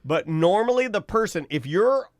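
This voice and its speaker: Man, podcast co-host, rambling, profane, higher voice, dry sound. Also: sing-song, moderate pace, no room sound. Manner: profane, rambling, with filler words. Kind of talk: casual chat.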